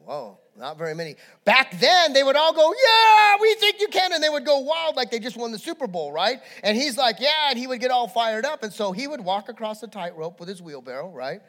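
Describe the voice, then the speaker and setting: Speaking fast with few pauses, a pastor delivers a sermon in a large hall, using animated storytelling in his high, bright voice. He shifts from soft asides to impassioned high points.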